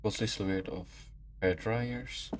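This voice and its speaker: Low-key man murmuring game commentary. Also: measured pace, background noise. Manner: low-key, soft-spoken, murmured reactions. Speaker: streamer playing a game. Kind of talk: casual let's play commentary.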